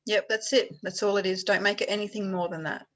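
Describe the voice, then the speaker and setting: A woman's voice: medium pitch, fairly even intonation, brisk, rough recording. A woman leading a health workshop on a video call, talking in a casual, encouraging way.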